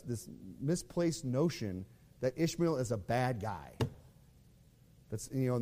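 A man's voice: medium pitch, dark tone, big-room sound. A man teaching a Bible study in a loose, conversational way, repeating words and reading scripture aloud.

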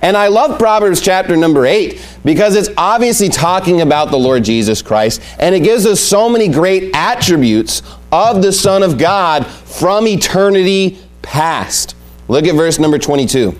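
A man's voice: sits high, animated, moderate pace. A man preaching a sermon, emphatic and repeating his key points as he reads scripture aloud. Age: adult with young family.

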